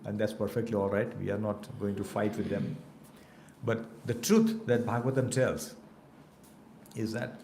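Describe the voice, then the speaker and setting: Mellow-voiced man teaching scripture. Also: medium pitch. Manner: conversational, keeps asking "right?". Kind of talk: devotional scripture class. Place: temple hall. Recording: echoey room, faint background noise.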